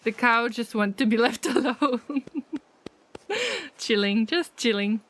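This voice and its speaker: Slow-talking woman streamer, high voice. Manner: chatty, laughs often, moos at the cows. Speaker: game streamer. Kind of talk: casual live-stream commentary.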